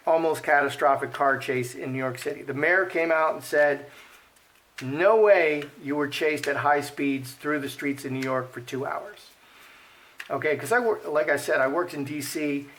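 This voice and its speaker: A man's voice: fairly high pitch, fairly bright tone. A man giving casual commentary while reading cards, thinking aloud, repeating himself and murmuring the card names. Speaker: card reader.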